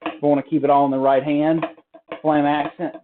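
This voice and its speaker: A man teaches drums in a casual, unhurried way, stopping and restarting as he explains. His voice sits a touch higher than most men's. The sound is narrow and phone-like, with faint practice-pad playing behind him. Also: over music. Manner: relaxed, explanatory, with many fillers and restarts. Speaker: drum teacher. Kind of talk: casual spoken drum lesson. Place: hotel room. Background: drum practice pad.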